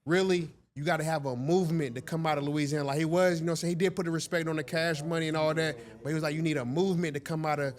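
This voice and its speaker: Male podcast host, laid-back and slangy, fairly high voice. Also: fairly even intonation, rapid-fire, few pauses. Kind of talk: casual interview talk.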